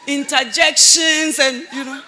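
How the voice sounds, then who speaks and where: In no hurry, a female pastor delivers her sermon with lots of animation and frequent laughter. She shouts to drive points home, then sinks into low, earnest tones.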